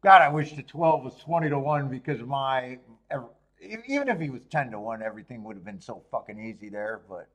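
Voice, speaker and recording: A man's voice: mid-range voice, fairly quick, fairly bright tone. A man hosting a live horse racing stream, chatting casually about his bets, swearing and talking to himself. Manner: swears, restarts, talks to himself while watching races. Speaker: horse racing show host.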